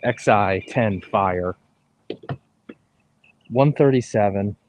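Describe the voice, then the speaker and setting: A low-voiced man hosting a golf livestream outdoors. He talks himself through each shot in a matter-of-fact way. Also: very slow, a little mellow, a little hiss or hum. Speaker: host and golfer. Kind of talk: casual livestream chat.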